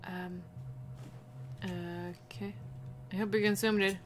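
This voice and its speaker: A woman chats playfully while she plays a video game, now and then letting out sudden, high-pitched squeals of excitement. She takes her time as she speaks.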